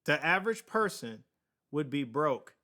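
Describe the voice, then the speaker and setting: Male podcast host, slow and rambling, a bit high-voiced, talks money with a live chat. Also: very animated, sharp tone. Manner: rambling, digressive, laughs at himself; slow, drawn-out delivery with many fillers. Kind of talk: casual finance talk on a livestream.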